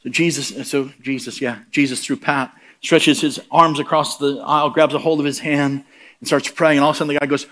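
An American man preaching, telling a funny travel story with lively comic voices. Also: on the high side, a little fast. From United States. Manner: animated, comic voices in quoted lines. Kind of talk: storytelling sermon.

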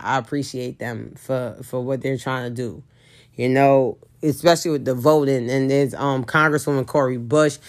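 Low-pitched woman, frank and profane, casual solo talk. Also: darkish tone. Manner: blunt, profane, emphatic. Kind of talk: casual monologue.

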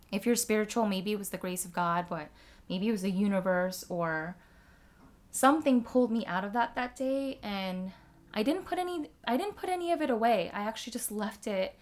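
This woman's mid-range voice has a darkish tone. In a casual chat she frankly relates something personal, swearing freely and peppering nearly every sentence with "like."

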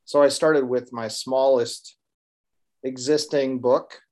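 A man's voice: mid-range voice, steady tone, takes it slowly, a little mellow. A man co-hosting a podcast, chatting casually and rambling a little with fillers. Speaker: podcast co-host and author. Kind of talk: casual chat.

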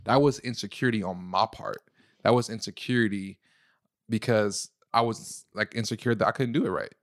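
A man co-hosting a casual relationship talk, telling stories in an animated way. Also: fairly quick, no room sound, studio quality. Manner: animated storyteller, jumps into a high falsetto to tease. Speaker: podcast co-host.

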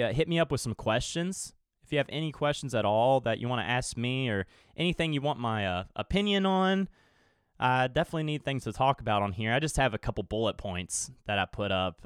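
A man's voice: medium pitch, clear, resonant tone, no echo, studio quality. A young man hosting his own podcast alone, rambling casually, swearing freely and chuckling now and then. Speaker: podcast host. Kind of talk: casual solo podcast chat.

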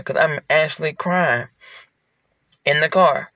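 A parent sits in a car talking to his partner, his voice on the high side, fairly bright, and at a moderate pace, with no room sound. It's a heartfelt, rambling personal monologue full of fillers.

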